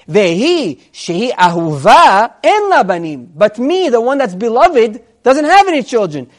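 A man giving a sermon, asking rhetorical questions and mixing Hebrew phrases into his English. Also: high-pitched. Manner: lively, swinging between soft and emphatic. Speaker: rabbi giving a Torah class.

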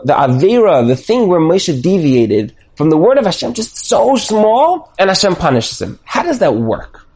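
A man giving a Torah lesson on the weekly portion, telling the story animatedly and thinking aloud with restarts. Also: a little high. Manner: animated storytelling, acts out dialogue. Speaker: Torah teacher.

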